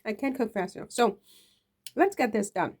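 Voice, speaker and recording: A woman's voice: a little high, animated, moderate pace, a little mellow, husky. A woman chatting casually to the camera while she cooks in her home kitchen, playful and rambling, laughing at her own jokes. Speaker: cooking vlogger. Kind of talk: casual cooking chat to camera.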